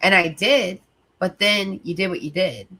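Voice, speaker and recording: A woman's voice: fairly low pitch, moderate pace, bright, forceful tone, husky. Sleepy, rambling woman livestreamer. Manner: rambling, filler-heavy, profane. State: sleepy, tired. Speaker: livestream host. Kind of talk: casual livestream chat.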